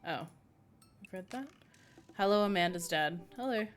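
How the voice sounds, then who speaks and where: A woman's voice: medium pitch, expressive, moderate pace. A woman streamer reacting to a dating game with gushing, playful asides. Her voice sits in a mid range, and game music plays constantly behind her. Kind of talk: let's-play commentary.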